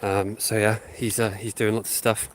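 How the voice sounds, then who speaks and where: A man's voice: on the low side, level tone, normal speed. A man with a sniffly head cold, casually rambling to his viewers with lots of ums while he walks his dog outdoors and talks into a phone. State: sniffly with a sinus infection. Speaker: channel host. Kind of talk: casual live chat to viewers while walking. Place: outdoors, walking a dog through a housing estate. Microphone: phone held while walking.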